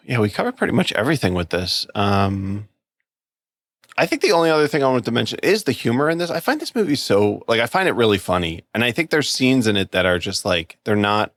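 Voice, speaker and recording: A podcast co-host chats casually about a film, rambling with lots of fillers and restarts and acting out quotes. He has a lowish, very animated voice at a moderate pace with a fairly bright tone, and there's no room sound.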